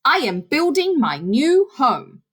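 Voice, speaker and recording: A woman voicing a busy, fussy beaver who explains things plainly and is quick to disgust. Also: sits high, big pitch swings, a bit bright, pitched above the performer's own voice, full character voice. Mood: matter-of-fact.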